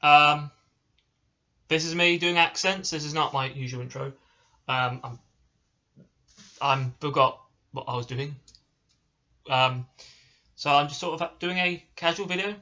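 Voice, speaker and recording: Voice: medium pitch, unhurried, long pauses, pushed and bright, dull audio. A hyperactive, caffeine-wired vlogger rambling casually and restarting sentences. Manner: hyperactive and giggly, restarts often.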